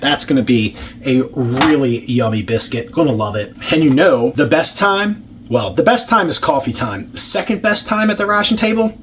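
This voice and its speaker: A man's voice: on the high side, a little hiss or hum. Chatty, swearing man reviewing rations. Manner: chatty, blunt and swears freely; talks while unpacking and tasting food. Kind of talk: casual food-tasting vlog.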